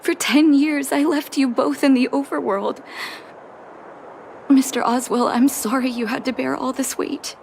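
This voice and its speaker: An actress voicing a calm, caring young woman doctor in a game cutscene, speaking in a measured way. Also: sits high, creaky, slight background noise. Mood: earnest, warm. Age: young adult.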